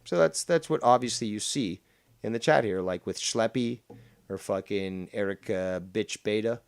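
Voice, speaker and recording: A man's voice: on the low side, normal speed, creaky, clear, resonant tone, no room sound. A man streaming commentary over a clip, combative, profane and mocking.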